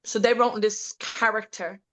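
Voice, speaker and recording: A woman's voice: fairly even intonation, normal speed, a bit bright, poor audio. Woman, interview guest; blunt, frank, laughs a lot, breaks into mocking impressions. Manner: blunt, laughing, mimics voices with big pitch jumps. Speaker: interview guest, adult film actress. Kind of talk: candid casual interview.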